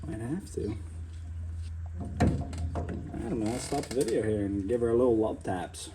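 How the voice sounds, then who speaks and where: A man's voice: mid-range voice, sing-song, measured pace, heavy background noise. A man giving a casual how-to while he works on a truck in a garage, talking loosely to viewers with lots of fillers. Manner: chatty, loose, addresses viewers as guys, many fillers. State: out of breath at times. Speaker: DIY mechanic. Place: home garage.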